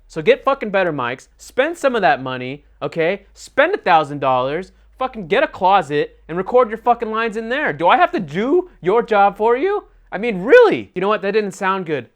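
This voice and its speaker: A man delivering a furious, profanity-laced movie review rant. His voice sits a little high and swings wildly up and down as his exasperation builds. He sounds fed up from start to finish. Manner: furious, sweary, exasperated ranting.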